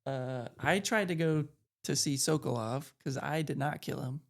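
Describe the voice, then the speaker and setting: A man's voice: mid-range voice, normal speed, vocal fry. A man co-hosting a podcast, rambling loosely and conversationally through a recap of a video game. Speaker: podcast co-host.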